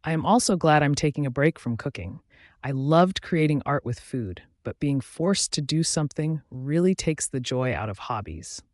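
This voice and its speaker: A man reads a first-person audiobook in a casual, conversational manner. His pitch sits in the middle, and the recording is close and dry. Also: a little mellow, dry recording. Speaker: audiobook narrator.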